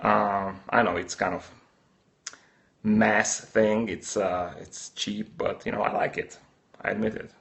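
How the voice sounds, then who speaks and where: A fairly low, slow male voice with little pitch movement, some vocal fry and a slightly bright edge. The speaker, a Slovak with a Slovak-Hungarian accent, runs a live coffee-brewing stream where he casually chats and responds to viewer comments.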